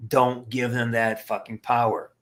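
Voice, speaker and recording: A middle-aged man hosts a casual livestream and rants to his viewers. He is blunt and emphatic and swears freely. His voice sits at an ordinary middle pitch. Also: flat delivery, measured pace, a bit bright. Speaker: livestream host. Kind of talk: casual rant to live chat.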